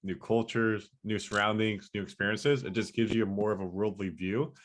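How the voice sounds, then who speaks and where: A man's voice: fairly low pitch, steady tone, normal speed, slight background noise. A man hosting a podcast interview, casual and enthusiastic, telling anecdotes. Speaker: podcast host.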